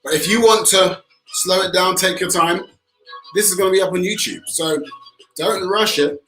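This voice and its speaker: A man's voice: high-pitched, normal speed, pushed and bright, soft background music. Upbeat co-host man in an echoey room. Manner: upbeat, prompting and reassuring viewers. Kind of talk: live painting class co-hosting.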